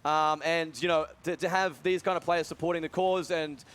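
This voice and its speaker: A young man doing live esports commentary, energetic and full of fillers. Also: on the high side, smooth. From Australia. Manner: fast, energetic, many fillers. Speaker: esports commentator and event organizer.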